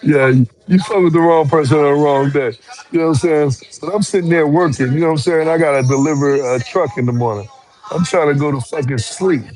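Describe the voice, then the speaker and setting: A man's voice: a little high, fairly quick, faint music behind. Man, swearing a lot, casual storytelling, gets heated. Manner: profane, animated storytelling with heated outbursts. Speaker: former truck driver telling a story. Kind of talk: casual storytelling on a live stream.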